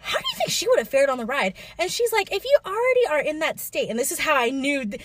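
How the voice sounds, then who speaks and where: A woman's voice: high voice, very animated, fast talker, a bit bright, dry recording. A young woman telling a story in casual chat, acting out quotes with many fillers.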